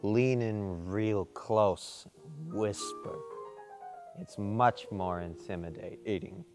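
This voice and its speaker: A man's voice: lowish voice, extremely slow, darkish tone. A man playing a tipsy wine-mom talk show host in a live comedy sketch, handing out bossy, boozy advice. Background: piano music.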